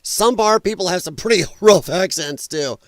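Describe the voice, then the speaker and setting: A man's voice: high voice, animated, moderate pace, dry recording. A middle-aged man hosting a casual political livestream, rambling and joking while reading chat aloud. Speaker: livestream host.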